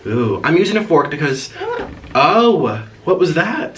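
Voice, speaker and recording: In a fairly high, sing-song voice, a little slow, a man hosts an eating-show vlog. He rambles playfully to viewers and coos at his bird, recorded from a distant mic with clear background noise.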